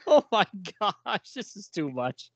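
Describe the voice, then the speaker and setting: A man's voice: high voice, big pitch swings, takes it slowly, no room sound. A man hosting a casual chat about comic books, often laughing and acting out the lines he quotes. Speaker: podcast host.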